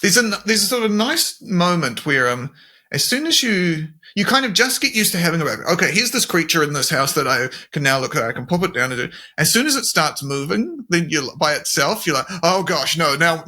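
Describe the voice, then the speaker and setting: A man's voice: on the high side, very animated, a little fast, pushed and bright. A comedian in his thirties, a guest on a podcast, talking casually and enthusiastically and laughing often. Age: 30s. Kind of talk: casual conversation.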